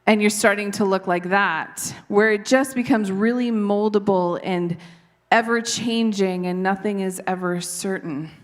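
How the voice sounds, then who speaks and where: A Canadian woman in her thirties, with a light Canadian accent and a mid-range voice, gives a devotional Bible teaching at an unhurried pace. She sounds earnest and conversational, occasionally laughing at herself.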